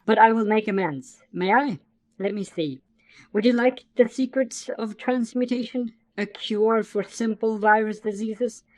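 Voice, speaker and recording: A small, courteous male alien with a high, stiff voice that sounds a little strange. He speaks in formal, awkward phrases and is eager to please, as put on by a man reading a story. The sound is dry and close. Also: measured pace, dry recording. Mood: polite. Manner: formal, overly polite, stilted phrasing.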